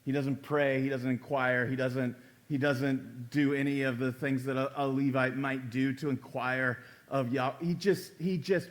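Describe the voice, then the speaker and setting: A male pastor preaching a conversational sermon in a church, acting out quoted lines with sudden jumps in pitch and loudness. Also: fairly even intonation, measured pace. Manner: conversational preaching, acts out quoted dialogue with big pitch swings.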